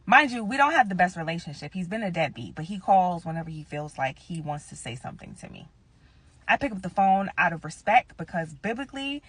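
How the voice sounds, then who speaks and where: A woman's voice: medium pitch, a bit bright, dry recording. A woman in her thirties telling a personal story in a casual vlog. She talks bluntly and with emphasis, swears freely and speaks straight to her viewers. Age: 30s.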